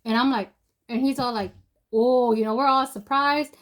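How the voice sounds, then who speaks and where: A woman's voice: high voice, a little fast, a bit bright. A young woman telling a personal story in a loose, rambling way, full of fillers and restarts. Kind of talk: casual spoken storytelling.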